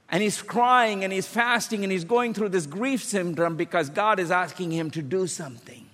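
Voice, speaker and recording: A man preaching a sermon, telling a story and rising into shouted emphasis. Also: sits high, moderate pace, hardly any pauses. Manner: builds to shouted emphasis, storytelling with acted quotes. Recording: long hall reverb.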